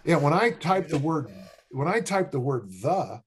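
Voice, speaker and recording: This older man, a strength and discus coach appearing on a podcast, has a voice on the high side and keeps a moderate pace. He tells stories with animation and plenty of joking.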